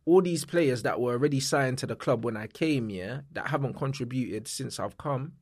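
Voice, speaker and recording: A young man with a London accent, talking in a relaxed, slang-heavy way. His voice is mid-pitched and plainly recorded, close and dry with no room sound. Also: normal speed, breathy edge, no room sound. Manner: laid-back London slang, says "blood" and "bruv" often. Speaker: podcast guest, club owner. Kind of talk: casual podcast chat.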